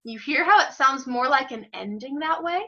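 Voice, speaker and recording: A woman teaching an online group music lesson, giving slow step-by-step instructions and praising students by name. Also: sits high, expressive, bright, forceful tone. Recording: dull lo-fi audio.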